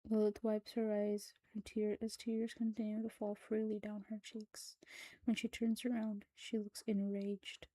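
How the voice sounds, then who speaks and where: Woman, horror story narrator, hushed and soft, flat monotone delivery, dark mellow tone. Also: mid-range voice, a little slow, no echo, poor audio. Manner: hushed, soft-spoken, drops to whispers. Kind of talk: scripted horror story reading.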